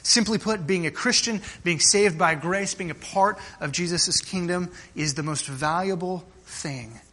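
A man preaching a sermon to his congregation, earnest and direct, often restarting phrases and slowing down to stress key words. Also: high-pitched, sharp tone. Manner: earnest, with frequent restarts and slowed emphasis. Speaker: pastor.

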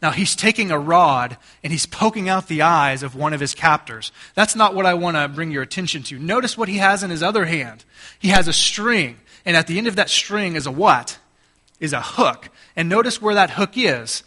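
A man's voice: a little high, animated, moderate pace, pushed and bright. A man preaching a sermon to a congregation, explaining scripture and using plain everyday examples as a parent. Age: adult parent. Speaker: pastor.

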